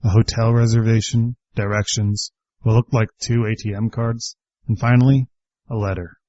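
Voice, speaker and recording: A man narrates a first-person story with a warm, mellow voice. His delivery is reflective and wry. The recording is dry and a bit dull. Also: on the low side, flat delivery, moderate pace, no echo.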